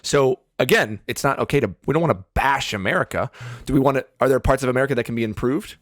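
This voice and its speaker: Male podcast co-host, mid-pitched and earnest, uses rhetorical questions, dry close sound. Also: quick pace, dry recording.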